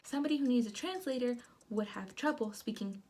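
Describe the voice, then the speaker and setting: A young woman telling a casual storytime vlog, animated and profane, acting out what people said. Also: a little high, brisk. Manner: animated, profane, acts out quotes. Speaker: vlogger.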